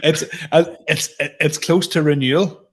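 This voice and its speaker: A man in his thirties co-hosting a comedy podcast. He talks in a relaxed, easygoing way. He laughs often and lets his sentences trail off. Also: fairly high pitch, measured pace, husky. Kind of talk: casual comedic chat.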